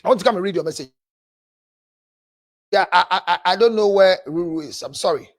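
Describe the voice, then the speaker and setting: A man's voice: high-pitched, fairly quick. A man with a Ghanaian accent, a counselor hosting a livestream, animatedly scolding while reading viewer messages aloud. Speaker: counselor and show host.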